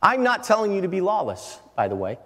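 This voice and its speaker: A middle-aged man preaching a sermon, dropping to quiet storytelling and then rising to loud, shouted declarations. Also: sits high, huge pitch swings, a little fast. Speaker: pastor. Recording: long hall reverb.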